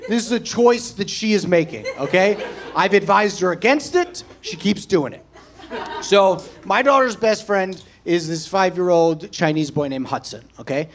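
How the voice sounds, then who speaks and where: Brash, profane stand-up comic in his thirties, high-pitched, pushy delivery. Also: normal speed, slight background noise. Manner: brash, profane, keeps tagging lines with "okay?". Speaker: stand-up comedian. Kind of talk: stand-up set. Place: comedy club stage before a laughing audience.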